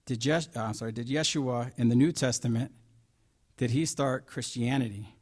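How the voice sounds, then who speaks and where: A middle-aged man delivers a sermon at a moderate pitch. He drops into soft asides and then pushes key words with force. He asks the listeners rhetorical questions throughout. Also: moderate pace. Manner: emphatic, rhetorical questions, swings between soft asides and loud stresses. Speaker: preacher.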